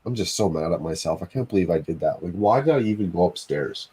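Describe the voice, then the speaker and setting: A man's voice: low-pitched, expressive, quick pace, dark tone, husky, rough recording. Guy hosting a lego stream, groaning and swearing at himself, voice swinging all over the place. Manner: self-reproaching, groaning, swears often. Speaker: livestream host. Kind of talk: casual livestream chat.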